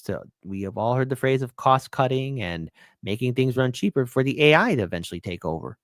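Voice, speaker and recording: A man hosting his own commentary show, talking earnestly and often circling back to repeat a phrase for weight. His voice sits at a middling pitch, and the sound is dry and close, with no room around it. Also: animated, fairly quick, dry recording. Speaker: host. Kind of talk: casual solo commentary.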